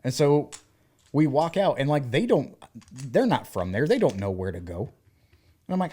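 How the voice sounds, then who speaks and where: A man's voice: fairly high pitch, moderate pace, pauses often. A man in his thirties from the American South, co-hosting a podcast in casual chat and telling stories by acting out the things people said. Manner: animated storyteller who acts out quoted dialogue. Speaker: podcast co-host.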